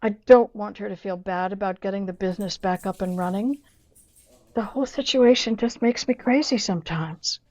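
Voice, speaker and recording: An older woman talking with an old friend in a hesitant, halting, self-doubting way. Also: mid-range voice, darkish tone. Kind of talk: casual chat between old friends. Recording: dull lo-fi remote line.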